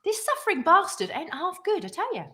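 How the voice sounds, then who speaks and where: Co-hosting a gin cocktail livestream, a woman chats casually while mixing drinks, bubbly, rambling, and self-mocking. Her voice is extremely high with huge pitch swings and a fairly quick pace, with crowd noise behind her.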